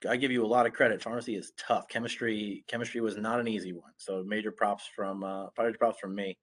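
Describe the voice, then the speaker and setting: Speaking quickly in a fairly low, congested voice, this young man sounds like he's still getting over being sick. He's a guest speaker giving a relaxed online talk, stumbling through plenty of fillers and restarts.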